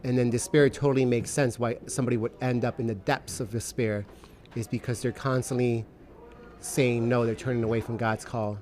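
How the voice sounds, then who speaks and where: A man's voice: mid-range voice, fairly even intonation, a little fast, a little mellow. A man in his thirties, reflecting thoughtfully on faith and asking his co-host questions in a casual podcast chat. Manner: reflective, questioning, frequent affirming murmurs.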